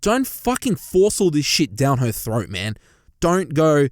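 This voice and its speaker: A man's voice: fairly high pitch, unhurried, no echo, studio quality. A young man ranting heatedly in his car, swearing often and talking straight to his listeners. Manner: heated, swearing, animated, talks to listeners directly. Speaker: commentator reacting to a story. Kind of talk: profane reaction rant. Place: inside a parked car.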